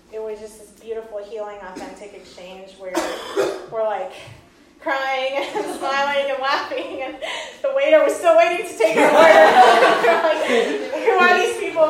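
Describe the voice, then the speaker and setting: A woman's voice: medium pitch, recorded from a distance, slight background noise. Earnest woman telling a story in an echoey hall. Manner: earnest, laughs often. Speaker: speaker giving a talk. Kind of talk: personal storytelling talk.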